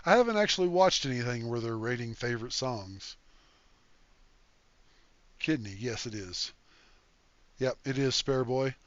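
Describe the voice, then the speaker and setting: A man's voice: mid-range voice, expressive, unhurried, long pauses, fairly bright tone, no room sound, highs cut off. An older man hosting a casual game livestream, reading chat aloud in an easygoing, folksy way and thanking viewers.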